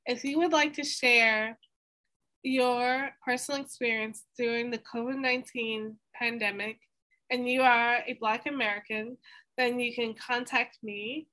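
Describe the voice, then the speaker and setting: Woman podcast host, bright tone, fairly high voice, earnest. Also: steady tone, a little slow, rough recording. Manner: earnest, openly emotional. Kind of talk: podcast interview and outro.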